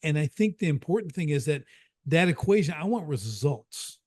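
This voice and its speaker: A middle-aged man from the Chicago area talks as a business coach in a loose podcast chat, driving his points home by repeating them. His voice sits a little high for a man and comes across close and dry, with no room sound. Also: very animated, normal speed, a little mellow, no room sound. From Chicago area, USA. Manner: emphatic storyteller, repeats key phrases, says "right?" often. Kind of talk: casual podcast conversation.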